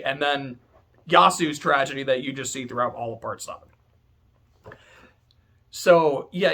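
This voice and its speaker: A man's voice: a little high, a bit bright. A man ranting casually about a story, rambling, joking and swearing freely. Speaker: video host. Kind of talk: casual rant.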